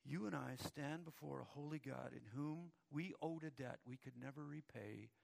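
A man's voice: mid-range voice, normal speed, vocal fry, a little mellow. A male pastor preaching a sermon, telling a story and often repeating words as he starts a thought.

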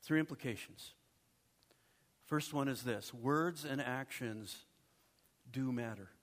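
A middle-aged male pastor with a medium-pitched voice preaches a sermon conversationally, adding asides and quickly checking in with the congregation.

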